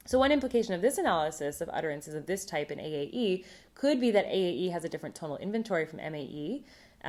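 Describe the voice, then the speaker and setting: Woman, lower-pitched voice, academic conference presenter, measured, scripted delivery. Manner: measured, reads a prepared script. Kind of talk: recorded academic talk.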